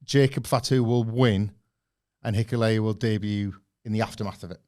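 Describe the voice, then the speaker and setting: A man's voice: fairly low pitch, fairly even intonation, moderate pace, warm tone. A man, co-hosting a podcast with enthusiastic, rambling analysis. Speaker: podcast co-host. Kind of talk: casual review chat.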